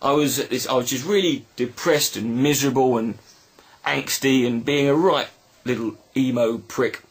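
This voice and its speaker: A man telling a personal story in a reflective video monologue, halting and earnest with many restarts. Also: medium pitch, breathy edge. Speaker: video blogger.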